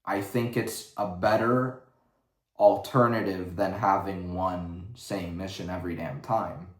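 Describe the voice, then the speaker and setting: A man's voice: deep voice, steady tone, a little slow. A man giving a casual livestream rant in a blunt, profane, rambling way. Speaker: vlogger. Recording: roomy echo.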